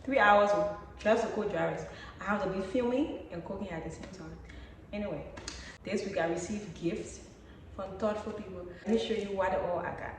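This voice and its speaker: A woman's voice: mid-range voice, darkish tone, slight background noise. A young woman, chatting playfully and affectionately to her followers in a home vlog. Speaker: vlogger. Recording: very echoey room from far off.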